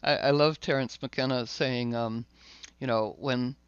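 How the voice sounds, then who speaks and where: A man hosting a casual spiritual conversation, searching for words, repeating himself, bursting into excited asides. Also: medium pitch, unhurried, clean tone, no room sound, muffled recording. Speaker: host.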